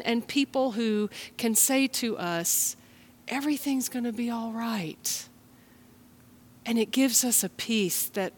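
A female pastor from the U.S. gives a children's message followed by a sermon online, her delivery gentle and never rushed. She speaks in a mid-range voice.

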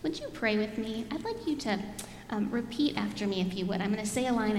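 A woman's voice: mid-range voice, lively intonation, quick pace, slight background noise. A woman pastor giving a children's message and sermon, speaking simply and leading prayers in a church. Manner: warm, simple talk to children, leads prayers. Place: church sanctuary. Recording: echoey church hall, faint ambience.

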